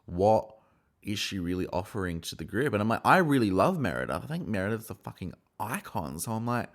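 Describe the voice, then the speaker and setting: A man's voice: on the low side, very animated, brisk. A man casually recapping a reality TV episode in a gossipy, sweary manner. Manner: gossipy, sweary, acts out quotes. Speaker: TV recap host.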